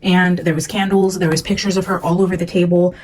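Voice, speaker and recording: Earnest rambling woman, low voice. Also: little pitch movement, fast, darkish tone, slight background noise, rough recording. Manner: earnest, rambling, many "like" fillers. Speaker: psychic medium. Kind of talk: casual monologue reading her notes.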